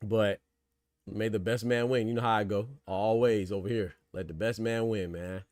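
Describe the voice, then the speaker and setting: A man hosting live boxing commentary, excitable and slangy, shouting out big moments and talking casually to his viewers. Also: on the low side, normal speed, no room sound, clean studio sound. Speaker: boxing commentator and channel host.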